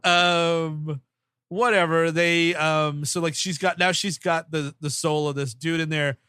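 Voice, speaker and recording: A man's voice: on the high side, fairly even intonation, a little slow, bright, forceful tone, smooth, dry recording. A man co-hosting a casual movie podcast, talking loosely with lots of laughs and swearing. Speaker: podcast co-host. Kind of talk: casual movie-review banter.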